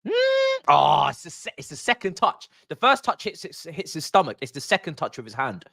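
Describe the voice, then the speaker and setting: Ranting young man, animated. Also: fairly high pitch, fairly quick, gravelly, slightly rough, dry recording, studio quality. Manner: animated, exasperated, slangy ranting. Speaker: streamer hosting a football watch-along. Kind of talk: live watch-along reaction.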